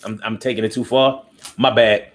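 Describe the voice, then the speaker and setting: A man's voice: on the low side, steady tone, normal speed. A man hosting a live call-in talk show, reading out viewer comments and answering them in a loose, slangy, preachy way that repeats lines for emphasis. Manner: loose, slangy speech with many restarts.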